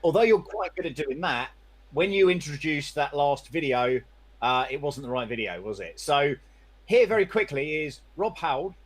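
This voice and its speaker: A man co-hosting a live show, introducing segments in a jokey, brisk way. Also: fairly high pitch, sing-song. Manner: jokey, brisk link-presenting. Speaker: co-host.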